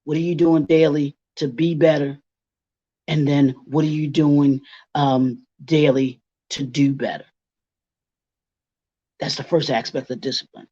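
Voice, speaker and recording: A man's voice: on the high side, little pitch movement, unhurried, long pauses, mellow, dry recording. A man from Baltimore giving a workshop presentation, asking rhetorical questions and restating each point. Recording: dull, dry lo-fi recording.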